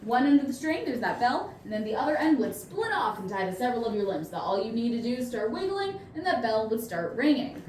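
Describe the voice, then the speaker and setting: Young female ghost-tour guide, chatty storyteller, slightly high voice, distant mic, faint noise. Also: very animated, fast talker, few pauses, darkish tone, roomy sound. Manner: playful, punny, chatty with the crowd. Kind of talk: scripted tour storytelling to a crowd. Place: outdoors on a night tour stop.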